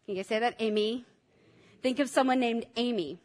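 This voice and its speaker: With a fairly high, slightly mellow voice, a woman preaches briskly. She teaches with enthusiasm and gets the congregation to echo her words.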